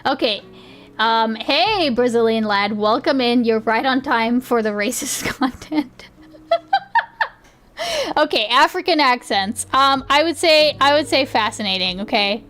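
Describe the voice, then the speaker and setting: A woman's voice: a little high, animated, measured pace, fairly bright tone. A young woman streaming live, chatting casually in a giggly, rambling way with lots of restarts. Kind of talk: casual livestream chat.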